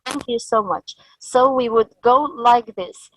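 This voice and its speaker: A woman from Egypt leading a teacher training session, explaining slowly and modelling sounds and intonation patterns. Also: fairly high pitch, fairly even intonation, a bit bright, dry recording, poor audio.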